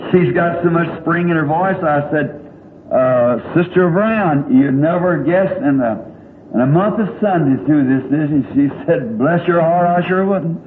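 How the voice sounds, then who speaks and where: A man's voice: on the high side, measured pace. An older man preaching a sermon, telling stories in a folksy, rambling way and chuckling often. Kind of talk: sermon storytelling. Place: large church hall. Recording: tinny old recording in an echoey hall with faint hiss.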